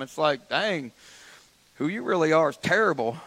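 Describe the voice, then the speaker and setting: A pastor preaching a sermon to his church, calling on the congregation to answer back, with frequent stammered restarts and swings up to loud exhortation. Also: on the high side, normal speed. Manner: builds from calm teaching to loud, rising exhortation; frequent repeated starts and stammers. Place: church sanctuary.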